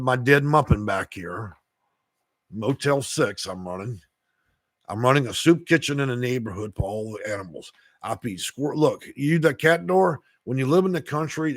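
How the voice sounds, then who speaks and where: A man's voice: mid-range voice, dry recording, studio quality. A man hosting a casual live stream from his rural home, rambling, swearing and venting about his day. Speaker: channel host.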